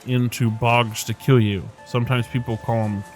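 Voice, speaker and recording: A man's voice: mid-range voice, level tone, moderate pace, faint music behind, natural voice. A man voicing a tough, blunt woman with a put-on Irish accent in a video game, talking wry folksy slang. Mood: chatty.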